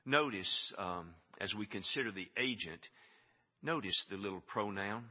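A man's voice: fairly low pitch, measured pace. A man preaching a sermon, emphatic and building to stressed repeated phrases. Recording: dull sound with long hall reverb.

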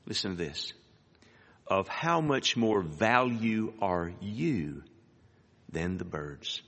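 A man preaching a sermon in an unhurried, deliberate way, his fairly low voice bright and forceful. He reads scripture aloud, climbing high to stress key words. A long hall reverb trails behind him. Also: lively intonation. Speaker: pastor.

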